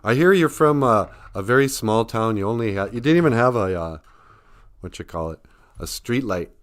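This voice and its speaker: A man's voice: fairly low pitch, lively intonation, normal speed, lightly acted. A man imitating a condescending outsider who makes assumptions about small towns. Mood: prying. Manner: prying and condescending.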